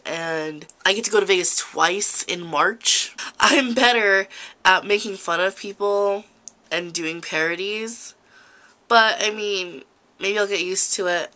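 Bright, chatty woman in her twenties. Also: mid-range voice. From California, USA. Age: 20s. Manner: chatty and self-mocking. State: sick. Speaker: vlogger. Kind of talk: casual vlog chat.

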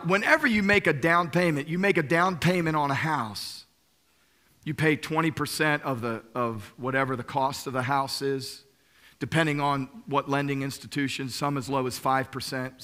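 A man's voice: fairly high pitch, bright, forceful tone. A man preaching as lead pastor to a live congregation. He talks with emphasis, repeats key phrases and keeps asking the room questions. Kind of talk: sermon. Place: church sanctuary.

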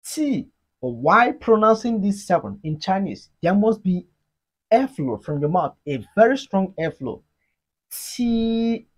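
A Mandarin teacher giving an online lesson, explaining slowly and deliberately and leading repeat-after-me drills. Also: mid-range voice, very animated, breathy edge. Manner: slow, deliberate explaining, modeling sounds for learners.

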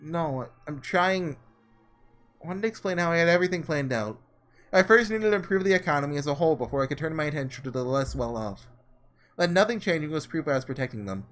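A man voicing an earnest, principled young ruler, reading in a measured, formal way. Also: on the high side, expressive, fairly bright tone.

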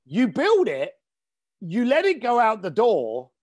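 His voice is high and a little mellow, swooping wildly in pitch at a slow pace. The middle-aged entrepreneur and author from East London, England, shares stories in a blunt, emphatic manner during a casual interview.

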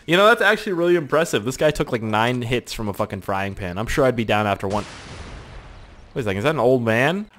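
Quick and medium-pitched, a young Canadian gaming YouTuber speaks over a slight hiss or hum. He keeps up crude, joking commentary on his gameplay, swearing plenty and letting loose in lively outbursts.

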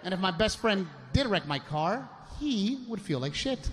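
A man performing live stand-up comedy, ranting in an exasperated way with loud shouted bursts. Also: high-pitched, lively intonation, moderate pace. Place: stage at a live show. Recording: live show with loud background noise.

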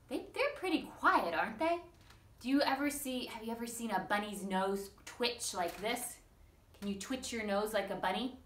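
A woman reading a picture book and nursery rhymes to young children at a library storytime, sing-song and coaxing them to join in. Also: a little high. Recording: echoey room, mic at a distance.

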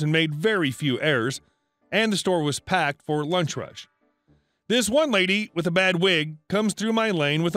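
A man with a high voice reads out a written story in an even, steady narration. The sound is dry and close, with no room around it. Faint music runs underneath. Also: no room sound. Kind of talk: scripted narration.

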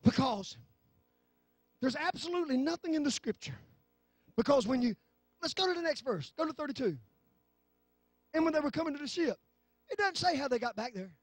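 A man preaching a fervent sermon in church, swinging from low talk to shouting. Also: lively intonation, fairly quick, pauses often, no room sound. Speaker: pastor. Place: church sanctuary.

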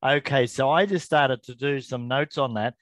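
A middle-aged man giving an informal Bible devotional to camera, earnest and chatty, often stopping to correct himself and slowing down to read verses. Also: medium pitch, a bit bright, no room sound. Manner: earnest, chatty, self-interrupting, reads scripture slowly. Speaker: Bible teacher.

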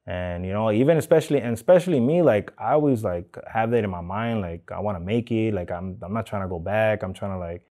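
Laid-back LA man, dark voice. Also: lowish voice, quick pace, few pauses. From Los Angeles. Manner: loose street slang, many "like" and "man" fillers. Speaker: tattoo artist, interviewee. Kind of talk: casual interview.

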